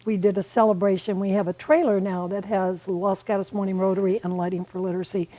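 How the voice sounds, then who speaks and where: A woman in her eighties, a community volunteer, chatting as a guest on a local TV interview, warm and rambling with restarts and fillers. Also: mid-range voice, little pitch movement, fast talker, low-quality recording. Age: 80s. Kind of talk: casual interview chat. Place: local TV studio.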